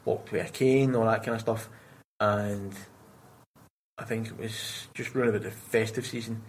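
Scottish man telling animated, sweary stories. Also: lowish voice, normal speed, slight background noise, poor audio. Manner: swears freely, animated storytelling. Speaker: prison officer. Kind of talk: casual interview chat.

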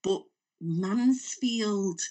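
Northern english woman chatting away, husky voice, bit far off the mic. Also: mid-range voice, very slow. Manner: animated, chatty storyteller. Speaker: writer and comedian guest. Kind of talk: casual podcast interview.

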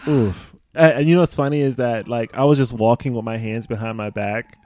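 A man in his thirties with an American accent, a comedian guest talking casually and softly with lots of fillers. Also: medium pitch, fairly quick, no echo. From United States. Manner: relaxed and soft-spoken, many fillers like "like" and "um". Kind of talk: casual chat.

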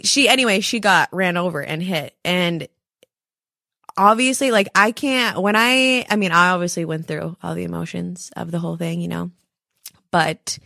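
A woman's voice: mid-range voice, gravelly, a bit bright, no room sound, studio quality. A young woman guest talking casually and emotionally, full of fillers. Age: young adult. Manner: chatty, emotional, many fillers. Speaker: podcast guest. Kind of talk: casual chat.

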